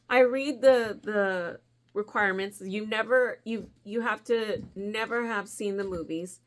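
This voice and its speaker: A woman in her forties, a crafting vlogger, telling a long rambling story in a chatty, animated way and laughing often. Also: mid-range voice. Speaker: crochet vlogger.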